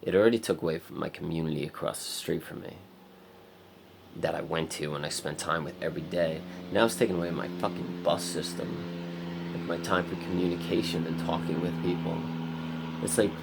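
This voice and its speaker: A man's voice: low-pitched, creaky, background noise. A young man in a raw personal vlog, rambling and swearing in frustration. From America. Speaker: vlogger.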